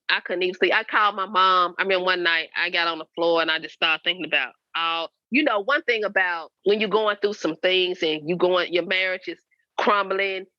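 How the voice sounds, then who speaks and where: A woman's voice: fairly low pitch, bright, forceful tone, dry recording. A woman in her fifties telling her life story to her daughter, in an earnest, repetitive manner that sometimes turns preachy. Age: 50s. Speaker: guest, host's mother. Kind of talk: candid personal storytelling. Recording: dry, slightly dull lo-fi sound.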